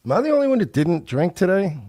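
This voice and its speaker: A man's voice: sits high, very animated, fast talker, mellow. A man on a group podcast call, defending himself and boasting. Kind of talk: casual group call banter.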